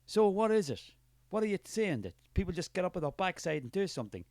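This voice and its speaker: A man's voice: high-pitched, sing-song, quick pace, a little mellow, no echo. An Irish man doing a scornful penny-pinching skeptic. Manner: scornful, defensive, dismissive. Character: suspicious, money-minded male skeptic, scornful and defensive. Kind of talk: comic character sketch.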